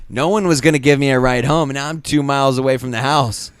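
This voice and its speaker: Animated, laughing man telling a wild story. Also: mid-range voice, fast, clear, resonant tone, no echo. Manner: animated, laughing, profane storytelling with acted-out shouts. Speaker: podcast co-host. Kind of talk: casual storytelling.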